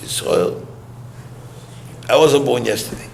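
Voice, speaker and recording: A man's voice: mid-range voice, normal speed, gravelly. A man giving a eulogy through chatty personal stories, laughing often and sprinkling in Yiddish and Hebrew words. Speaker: eulogy speaker. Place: gathering room during mourning visits. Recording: roomy hall with faint noise.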